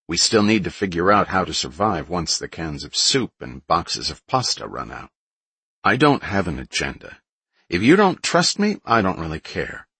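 A man's voice: deep voice, fairly bright tone, breathy edge, no room sound, heavily acted. A man voicing a direct, blunt survivor who speaks steadily, in an audiobook.

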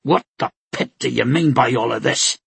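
A man's voice: mid-range voice, normal speed, gravelly, fairly bright tone, husky, dry recording, voice pushed up, full character voice. A man voicing an angry, hurt male colonel who speaks through clenched teeth.

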